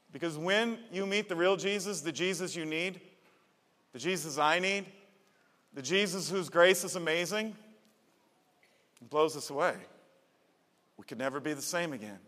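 A man's voice: high-pitched, normal speed, pauses often, fairly bright tone, in a large hall. Earnest male pastor preaching. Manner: earnest, conversational, repeats for emphasis. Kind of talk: sermon.

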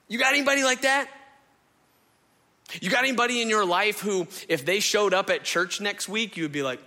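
Pastor, male, bright forceful voice, lively casual preaching, echo of a large hall. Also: high-pitched, brisk. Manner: animated, conversational, acts out the people he describes. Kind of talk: sermon. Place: church sanctuary. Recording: reverberant hall.

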